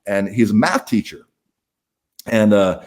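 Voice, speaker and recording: Middle-aged man, fairly low voice, blunt and profane, conversational storytelling. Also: expressive, measured pace, darkish tone. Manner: blunt, profane, restarts often. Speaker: podcast guest, author.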